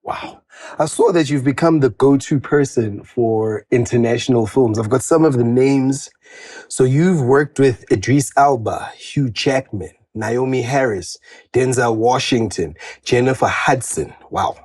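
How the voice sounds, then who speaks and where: A man interviewing a guest, enthusiastic and quick to affirm her answers. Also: medium pitch, a little mellow. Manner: enthusiastic, frequent short affirmations. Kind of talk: interview questions and ad read.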